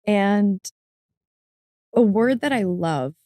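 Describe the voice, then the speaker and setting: A woman's voice: animated, drawn-out words, mellow, dry recording. A woman guest and author, telling her story in an earnest, reflective way on a podcast interview. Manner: earnest and reflective, voice rising high when moved to tears. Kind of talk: emotional personal storytelling.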